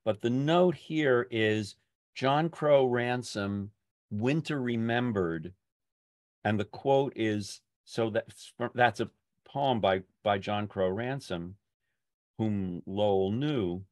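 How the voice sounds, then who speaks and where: An older man leads a group talk about a poem, slowly feeling his way through each thought with restarts and fillers. His voice sits low, and the sound is dry and close. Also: no room sound. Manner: halting, many restarts and fillers. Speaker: poetry discussion leader. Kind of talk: casual literary discussion.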